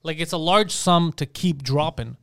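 A man co-hosting a podcast, telling a comedic story in a profane, animated way and acting out the voices of the people in it. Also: on the high side, moderate pace, gravelly, no room sound, clean studio sound. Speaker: podcast co-host.

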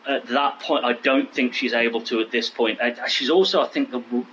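A man co-hosting a casual film podcast, animated and jokey, swearing as he talks. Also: medium pitch, moderate pace, lo-fi sound, slight background noise. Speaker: podcast co-host.

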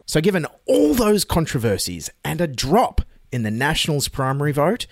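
A man's voice: fairly high pitch, big pitch swings, normal speed, no room sound, clean studio sound. An Australian man hosting a satirical news show, delivering sarcastic, mock-outraged commentary.

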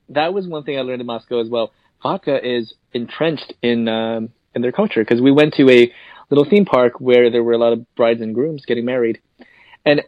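A man's voice: medium pitch, dry recording, highs cut off. A man co-hosting a casual podcast, joking and laughing often. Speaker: podcast co-host.

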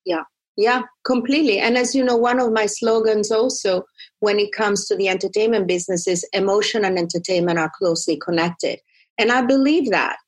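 A woman's voice: medium pitch, a little fast. A woman in casual conversation, talking animatedly and acting out quotes as she tells stories. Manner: animated storyteller, acts out quotes.

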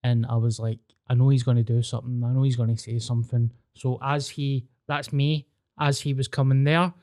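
A man's voice: mid-range voice, level tone, fairly quick, darkish tone. A Scottish man hosting a podcast, chatting casually and telling sweary stories. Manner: sweary, storytelling. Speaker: podcast host. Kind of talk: casual chat.

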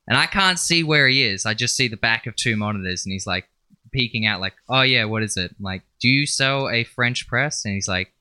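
A man's voice: medium pitch, expressive, brisk, sharp tone, no room sound. A man co-hosting a casual podcast, telling a rambling, sarcastic story full of swearing. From Western Australia. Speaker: podcast co-host. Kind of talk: casual chat.

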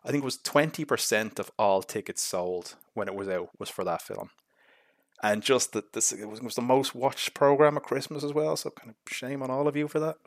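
A man's voice: on the low side, fairly bright tone, no room sound, studio quality. A young man giving blunt, sarcastic, chatty commentary on films as a show host. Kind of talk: casual film commentary.

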